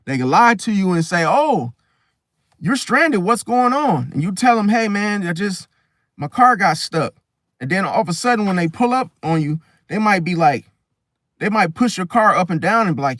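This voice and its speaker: A man's voice: high voice, very animated, normal speed, fairly bright tone, no room sound, studio quality. A man ranting bluntly in a casual monologue as host, swearing and acting out quoted voices. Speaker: astrology channel host.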